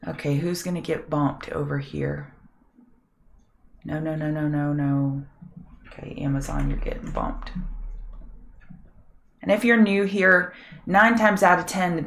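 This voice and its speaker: A middle-aged woman hosts a live trading show with a low voice that sounds a little scratchy today. She chats with viewers by name and thinks aloud as she looks over charts. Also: vocal fry, fairly bright tone. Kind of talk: live market prep chat with viewers.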